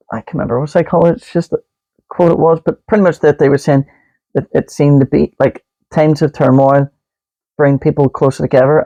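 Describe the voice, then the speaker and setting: A man's voice: medium pitch, warm tone, dry recording, dull audio. A man co-hosting a podcast, joking in a casual chat, laughing often and going off on rambling asides. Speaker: podcast co-host.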